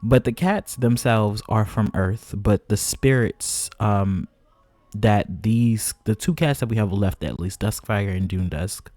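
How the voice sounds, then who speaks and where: A man's voice: on the low side, slow pace, warm tone, dry recording. A man hosting casual gameplay commentary, chatty and talking straight to his viewers. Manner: chatty, keeps addressing viewers as "guys". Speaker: gaming channel host.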